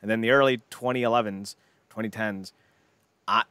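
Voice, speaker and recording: A man's voice: lowish voice, steady tone, moderate pace, bright, forceful tone, smooth, no echo. A man co-hosting a podcast, rambling in casual banter and slipping into silly impressions. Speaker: podcast co-host.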